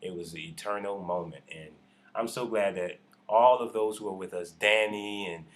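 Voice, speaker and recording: A man vlogging in casual chat, gushing excitedly about a show he went to. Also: lowish voice, moderate pace.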